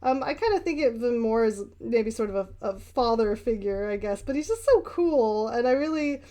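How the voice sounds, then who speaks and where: A young woman from the US chats in a relaxed, rambling way while she paints, answering questions from her viewers. Her voice sits a little high, and her talk is full of ums, restarts and small laughs. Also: normal speed. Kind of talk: casual paint-along chat.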